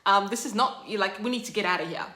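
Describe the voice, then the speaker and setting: A woman voicing neighbors who urge evacuation in a hurried, slangy way. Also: medium pitch, bright, forceful tone, echoey room, natural voice. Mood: urgent. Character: worried casual neighbors urging evacuation.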